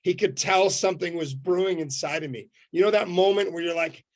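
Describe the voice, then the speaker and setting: A man from Canada giving an energetic motivational talk on a video call, telling a story in punchy short sentences. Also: sits high, fairly quick. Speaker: motivational speaker.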